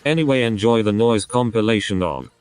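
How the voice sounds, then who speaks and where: A young man giving casual, excitable reaction commentary as a fan, swearing often and gushing. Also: fairly low pitch, fairly quick, clean tone, no room sound. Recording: loud music under voice.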